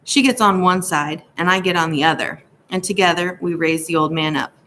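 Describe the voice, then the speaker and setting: Woman reading a kids novel out loud, kinda low voice, steady storytelling, faint hiss in the background. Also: fairly quick. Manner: steady storytelling in a first-person boy's voice. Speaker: audiobook narrator. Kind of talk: scripted narration.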